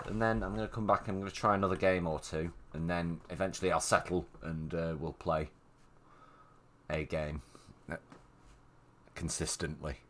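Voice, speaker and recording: A man's voice: low voice, fairly even intonation, moderate pace, fairly bright tone, a little hiss or hum. A man with a Mancunian accent streaming a video game, giving casual, blunt and sweary commentary as he plays.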